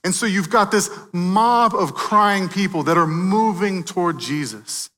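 A man's voice: sits high, unhurried, long reverb tail. Man preaching with rising intensity. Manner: dynamic preaching, swelling loud then dropping soft. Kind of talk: sermon.

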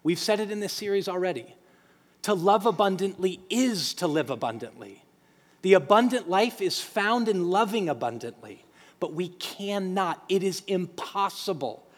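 Male pastor, lively high voice, emphatic sermon delivery, church hall reverb. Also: normal speed. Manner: animated, emphatic preaching with acted quotes. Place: church sanctuary.

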